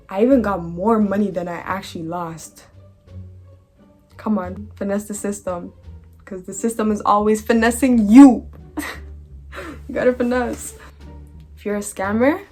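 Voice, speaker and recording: Young woman vlogger, casual storytime read, animated and slangy, drops sentences halfway, faint music under her. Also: medium pitch, husky.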